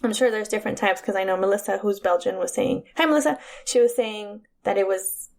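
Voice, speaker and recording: A woman's voice: mid-range voice, fairly quick, a little mellow. A young woman co-hosting a podcast, telling crude, jokey stories in casual chat. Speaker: podcast co-host.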